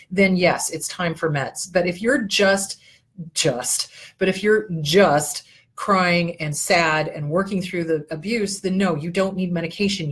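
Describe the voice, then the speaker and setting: A woman's voice: mid-range voice, husky. Blunt, profane woman therapist hosting a talk. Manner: blunt, profane, passionate, rambling. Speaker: therapist and show host. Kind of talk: solo livestream talk.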